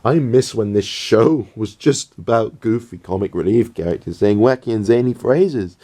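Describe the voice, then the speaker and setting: A man narrating his own old videos with sarcastic, exasperated and deadpan comedic commentary. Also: fairly low pitch, moderate pace.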